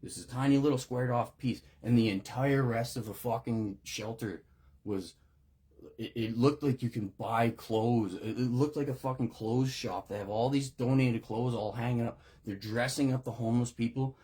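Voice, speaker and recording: A man's voice: medium pitch, steady tone, normal speed, dark tone, husky. A man in an unscripted recovery monologue, talking in a raw, profane, rambling way with many restarts, emotional and close to tears. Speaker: recovery video host.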